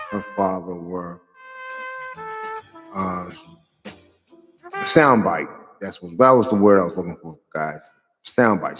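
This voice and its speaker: A low-voiced man talks through a loose, rambling commentary, hunting for words and then flaring into loud, sarcastic outbursts. His voice rings in a long reverb, and faint music plays underneath. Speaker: show host. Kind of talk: casual political commentary monologue.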